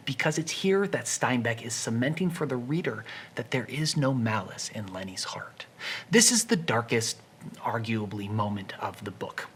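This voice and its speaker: A literature explainer giving a casual book summary with wry, chatty asides, dropping to a hushed tone for dark scenes. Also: medium pitch, a little hiss or hum.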